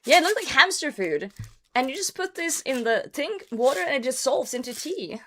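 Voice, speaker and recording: A woman streamer chatting casually with her viewers and reading their messages aloud, her voice worn and hoarse from a cold. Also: sits high, big pitch swings, normal speed, pushed and bright, slight background noise. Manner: loose and chatty, swears, reads chat aloud and laughs. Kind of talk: casual livestream chat.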